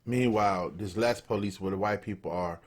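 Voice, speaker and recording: A man's voice: fairly low pitch, brisk. A man giving casual, blunt, profane video commentary, emphatic and repeating himself for emphasis. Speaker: political commentator.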